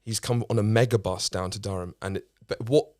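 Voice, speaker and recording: Male comedian, low voice, rambling anecdote, dry close sound. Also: steady tone, a little fast, darkish tone, no echo. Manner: rambling, restarts, swears freely. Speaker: comedian guest. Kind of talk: casual anecdote telling.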